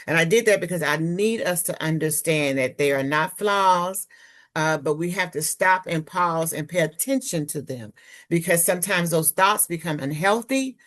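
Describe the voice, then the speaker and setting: A woman with a low, deep-set voice leads a webinar on trauma healing. She talks candidly and personally, drawing on her own experience, and her voice comes through a computer mic on a video call. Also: normal speed, fairly bright tone. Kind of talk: webinar presentation.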